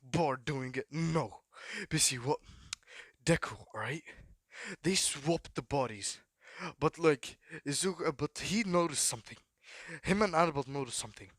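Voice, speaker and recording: A man rambling through a made-up fan story, hyperactive and swearing constantly. His voice sits slightly high, and the sound is close and dry, with no room echo. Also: normal speed, fairly bright tone. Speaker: YouTube storyteller. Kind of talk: improvised fan-fiction narration.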